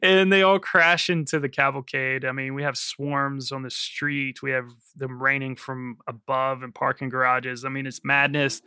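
A man's voice: medium pitch, level tone, normal speed, few pauses, sharp tone, clean tone, dry recording, clean studio sound. A man co-hosting a podcast, recapping and joking about a film in a laid-back way. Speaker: podcast co-host. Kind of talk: casual movie review chat.

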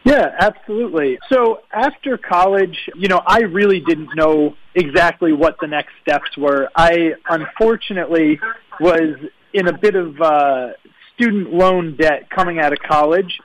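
A young male entrepreneur speaking as a guest on an interview show. He answers in a friendly, measured way, with a fairly high voice. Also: rough recording.

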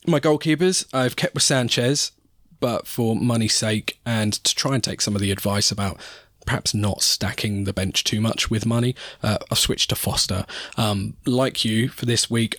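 A man's voice: fairly low pitch, a bit bright, no echo, studio quality. A man co-hosting a casual sports podcast, chatting and joking. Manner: banter, swears casually. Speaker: podcast co-host.

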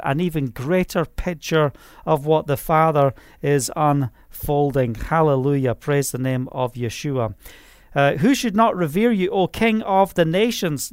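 A man's voice: a little high, clean tone, dry recording, studio quality. A man preaching an informal online sermon, rambling and conversational, with many fillers and restarts.

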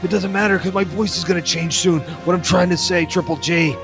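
A man's voice: high voice, fairly even intonation, a little fast. A man voicing a cranky aging mad scientist who talks in brusque, rambling, self-pitying bursts over background music.

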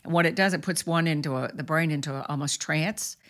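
A woman's voice: deep voice, fast talker, fairly bright tone. A middle-aged woman hosting a casual podcast chat, talking earnestly and often repeating her first words before a thought. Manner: earnest, repeats words when starting sentences. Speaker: podcast host and author.

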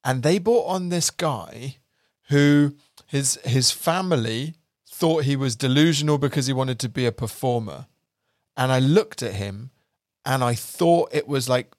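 A man's voice: mid-range voice, no room sound. Chatty British man, dry close sound. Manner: self-deprecating, chatty storytelling. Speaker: podcast host. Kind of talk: casual chat.

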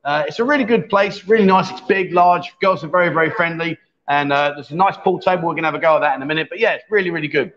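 A man's voice: a little high, fast talker, hardly any pauses, a bit bright. A middle-aged man hosting a casual live stream, chatty and jokey, reading viewer comments and laughing often. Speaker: livestream host. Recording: dull lo-fi stream audio.

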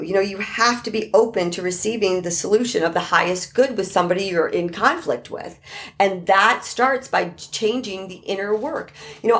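A woman's voice: fairly low pitch, creaky. A middle-aged woman speaking as a life coach in an earnest motivational talk, repeating key phrases for emphasis.

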